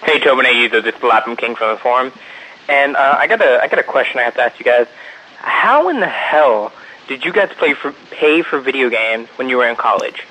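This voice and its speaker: Bright-voiced young listener caller. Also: male voice, medium pitch, animated, fairly quick, slight background noise, low-quality recording. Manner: exasperated, crude, rambling. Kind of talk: recorded voicemail question.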